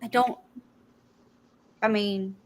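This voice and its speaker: A woman's voice: mid-range voice, steady tone, extremely slow, slight background noise. A woman hosting a casual panel livestream over a video call, talking bluntly and emphatically. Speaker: livestream host.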